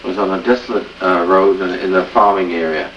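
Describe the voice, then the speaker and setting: A middle-aged man tells a joke in a rambling way, stacking up filler words and repeated "he said". His voice is on the low side. The recording is distant, echoey and dull, with noise underneath. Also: steady tone, quick pace, a bit bright. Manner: rambling storyteller, many "he said" and "uh"s. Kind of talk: telling a joke. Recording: echoey lo-fi home video from far off.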